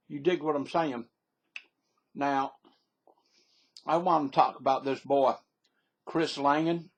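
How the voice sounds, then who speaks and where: A man's voice: on the high side, unhurried, pauses often, husky. A man with an American Southern accent, rambling folksily through a casual monologue into a webcam microphone. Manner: folksy and rambling, with repeated catchphrases. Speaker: vlogger.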